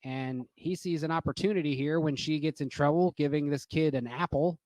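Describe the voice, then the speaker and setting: A man's voice: on the high side, brisk, darkish tone, no echo. A drunk man giving a rambling, profane movie rant, full of fillers and restarts. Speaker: movie reviewer.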